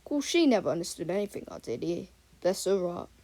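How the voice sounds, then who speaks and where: A woman's voice: fairly low pitch, sing-song, brisk, mellow. A woman voicing a friendly, easygoing male wizard professor, reassuring and chatty.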